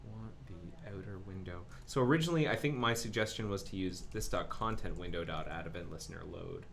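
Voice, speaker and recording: A man's voice: sits low, brisk, creaky, a bit bright. A man hosting a live coding stream, thinking aloud as he works through code with frequent ums. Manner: musing and self-narrating, with frequent ums.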